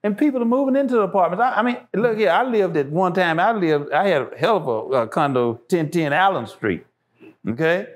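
A man's voice: high voice, lively intonation, fairly quick. A man, a show guest, talking passionately and emphatically, repeating phrases to drive his points home. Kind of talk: impassioned casual talk.

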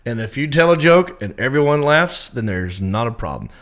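A man from the American South, a comedian chatting casually backstage, animated and laughing often. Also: medium pitch, normal speed. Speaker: headlining comedian.

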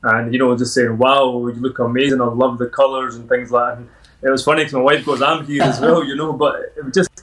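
A man's voice: medium pitch, flat delivery, quick pace, a bit bright, poor audio. A Scottish man in his thirties, a podcast guest telling upbeat anecdotes in a casual interview and laughing often. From Scotland.

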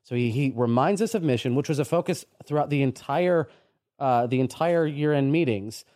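A man co-hosting a podcast in casual discussion, halting and often restarting, but agreeable. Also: medium pitch, mellow, no room sound, clean studio sound. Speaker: podcast co-host.

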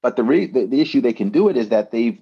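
A man in casual conversation telling an animated story, often checking in with "right?". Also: medium pitch, fast talker, vocal fry, breathy edge, lo-fi sound.

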